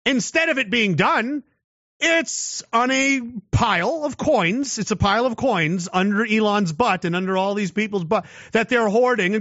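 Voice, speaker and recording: A man talking casually and giving his opinion, swinging into loud mocking voices. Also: sits high, lively intonation, normal speed, dry recording, lo-fi sound. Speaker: commentator.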